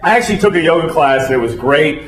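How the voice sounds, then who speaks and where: A man's voice: fairly high pitch, animated, fast talker. A man doing stand-up comedy, crude and stammering, acting out little scenes. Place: comedy club stage. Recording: echoey room with audience laughter. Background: crowd laughing.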